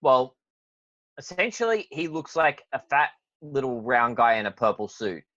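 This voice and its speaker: A man's voice: medium pitch, sing-song, normal speed, fairly bright tone, no room sound. Easygoing male co-host on a dull mic. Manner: easygoing, agreeable, lots of "like". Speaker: podcast co-host. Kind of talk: casual chat reviewing a cartoon.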